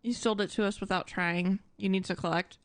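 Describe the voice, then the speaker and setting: A woman live-streaming casual chat to her audience, animated and admittedly dramatic. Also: medium pitch, fairly quick, no room sound. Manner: animated and self-described dramatic.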